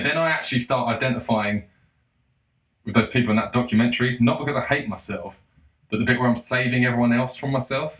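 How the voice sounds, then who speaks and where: A man in a casual monologue, profane and sarcastic, breaking into mocking shouts. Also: medium pitch. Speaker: solo commentator. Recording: roomy echo.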